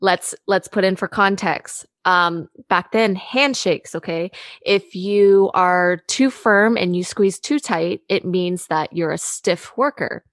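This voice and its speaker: Woman podcast host, lowish voice, laughs a lot, cuts in, dry sound. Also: takes it slowly, dry recording. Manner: laughs often, jumps in. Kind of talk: casual interview chat.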